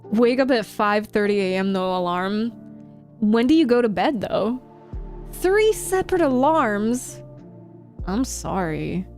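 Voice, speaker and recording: A woman's voice: medium pitch, animated, slow pace, darkish tone, faint music behind. A young woman live streamer chatting casually with her audience, laughing often and reacting to chat.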